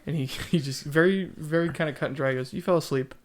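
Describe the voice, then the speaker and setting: A man's voice: fairly high pitch, brisk. A man co-hosting a casual theatre podcast, eagerly retelling a play's dialogue and laughing often. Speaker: podcast co-host. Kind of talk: casual chat recapping a play.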